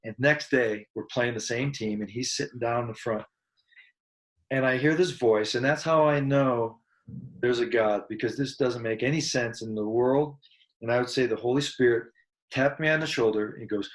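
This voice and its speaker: This man talks at a middle pitch, as a guest musician telling a story in a casual interview. He is earnest and reflective. He grows animated when he acts out what people said. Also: moderate pace, poor audio.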